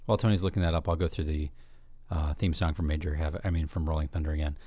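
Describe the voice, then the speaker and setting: A man's voice: a bass voice, steady tone, fast talker, warm tone, dry recording, studio quality. A man co-hosting a casual podcast, rambling and playful with lots of fillers and restarts. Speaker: podcast co-host.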